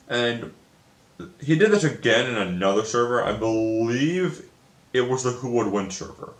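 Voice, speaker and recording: A man's voice: medium pitch, normal speed. A young man telling a story in a casual, frustrated rant, swearing often and repeating himself. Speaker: video creator. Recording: echoey room.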